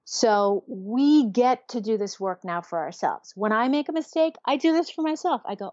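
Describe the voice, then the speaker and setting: A woman's voice: fairly high pitch, animated, moderate pace, hardly any pauses, darkish tone, no echo. A woman therapist, interviewed as a guest, explaining ideas earnestly and voicing inner self-talk as examples. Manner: earnest, teaching, acts out self-talk in quotes. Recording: dull, lo-fi, dry sound.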